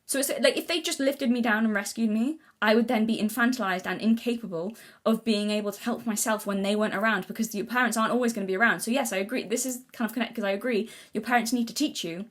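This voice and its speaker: Speaking quickly with barely a pause, this young woman's voice sits on the higher side. She rambles earnestly through an unscripted vlog, restarting and correcting herself often while she works out her thoughts.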